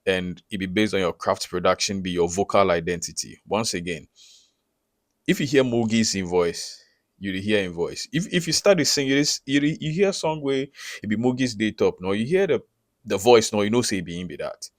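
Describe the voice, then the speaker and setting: Guy, deep-ish voice, dry close sound, keeps asking if you get it. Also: expressive, fairly quick, dry recording. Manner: checks in often with rhetorical questions. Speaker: recording artist teaching branding. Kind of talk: casual explainer to camera.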